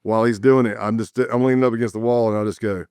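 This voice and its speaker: Low, smooth-voiced man telling war stories. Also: fast, no echo, clean studio sound. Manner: vivid, animated storytelling with sound effects and repetitions. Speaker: interview guest, former undercover agent. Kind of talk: storytelling in a podcast interview.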